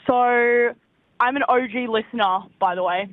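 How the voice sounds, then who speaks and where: A woman's voice: a little high, a little slow. A woman leaving a rambling, teasing voice message for a podcast. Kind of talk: casual voice message. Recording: dull lo-fi voice message.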